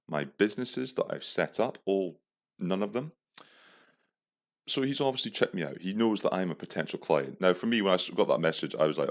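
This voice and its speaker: A man hosting a comedic solo podcast, telling a story in a sarcastic, rambling way. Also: sits low. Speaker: podcast host.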